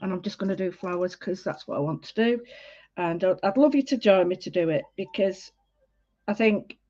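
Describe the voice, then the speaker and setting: A woman's voice: medium pitch, expressive, normal speed, mellow, highs cut off. A woman, hosting a casual livestream art lesson, chatty and full of greetings, often interrupting herself. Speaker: art class host.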